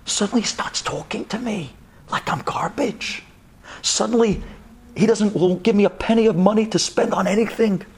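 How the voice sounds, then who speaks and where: Guy acting out a crying young woman, squeaky and raspy, begging for help. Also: normal speed. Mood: distraught pleading. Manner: sobbing, outraged rising pleas.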